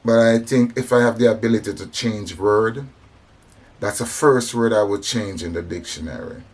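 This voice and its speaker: A man's voice: on the low side, moderate pace. A man delivering an impassioned preaching monologue about compassion, with emphatic repetitions and restarts. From African descent. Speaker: speaker on religion and society.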